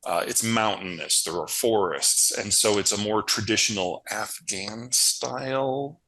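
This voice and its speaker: A man with a fairly low voice, speaking plainly and bluntly as an interview guest. He leans on repetition for emphasis, stacking phrase after phrase to drive a point home. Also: measured pace, pushed and bright, poor audio. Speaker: guest analyst. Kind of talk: interview answers, casual explanation.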